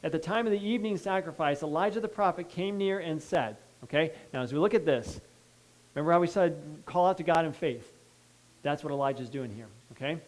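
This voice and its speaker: Emphatic preaching man, fairly high voice. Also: a little fast, low-quality recording. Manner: preaching with emphatic swings from hushed to loud; reads scripture then breaks in with asides and checks like "okay?". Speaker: pastor. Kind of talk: sermon.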